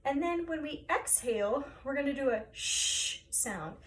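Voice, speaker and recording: Choir lady coaching breathing exercises, high voice, kinda distant mic, faint piano. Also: lively intonation, unhurried, fairly bright tone, slight background noise. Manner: encouraging, guiding step by step. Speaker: choir director. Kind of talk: vocal warm-up instruction.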